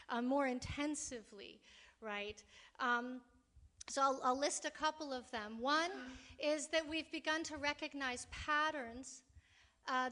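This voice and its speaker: A woman academic speaks on a panel in a high voice. She lectures steadily and keeps adding "right?" to her points. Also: fairly bright tone. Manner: lecturing, frequent "right?" tags. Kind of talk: panel talk.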